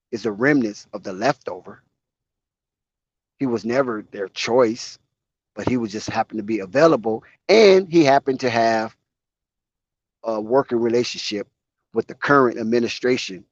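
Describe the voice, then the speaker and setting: A man's voice: on the high side, dry recording. A man giving opinionated, conversational commentary on a live basketball game. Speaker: sports commentator. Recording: dull lo-fi sound.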